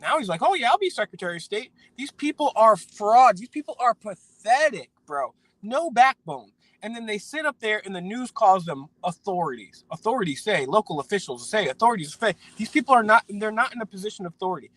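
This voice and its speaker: A man's voice: high-pitched, big pitch swings, fairly quick, few pauses, fairly bright tone, dry recording, low-quality recording. An American man co-hosting a live stream, ranting indignantly about politics with repeated words and stumbling restarts.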